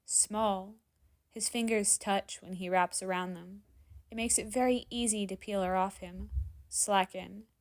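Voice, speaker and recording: Slow, expressive woman storyteller. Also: medium pitch. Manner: expressive, drops to hushed whispers in tense moments. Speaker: fanfiction reader. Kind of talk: dramatic story narration.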